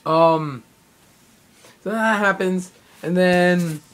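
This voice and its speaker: A young man talks through a live event he went to in a loose, rambling way. He gets excitable, stacks up fillers and slips into acted-out quotes as he goes. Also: high voice, extremely slow. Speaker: vlogger. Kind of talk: casual recap of a live event.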